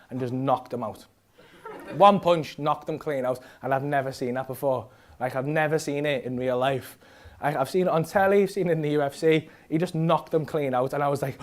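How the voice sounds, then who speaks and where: A man's voice: high voice, animated, a little fast. A man doing stand-up, retelling a night out in a rambling, sweary style and ending lines with "right?". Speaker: stand-up comedian. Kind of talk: stand-up storytelling. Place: comedy club stage. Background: audience laughter.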